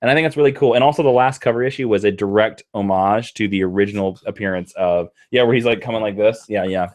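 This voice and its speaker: A man's voice: fairly low pitch, quick pace. A man hosting a casual live stream chat, talking with enthusiasm. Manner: enthusiastic, animated.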